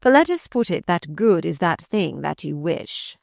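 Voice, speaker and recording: A woman reading aloud voices a sardonic, malicious older male courtier who mocks in slow, drawn-out phrases. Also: on the low side, sing-song, vocal fry, a little mellow, no echo, clean studio sound. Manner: mocking, drawn-out.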